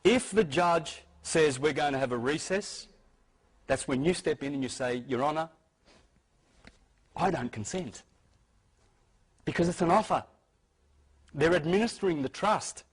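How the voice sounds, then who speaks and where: A man's voice: a little high, expressive, moderate pace, husky, rough recording. A man giving an informal lecture to an audience, talking emphatically and insistently, often restarting and repeating words. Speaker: speaker giving a talk.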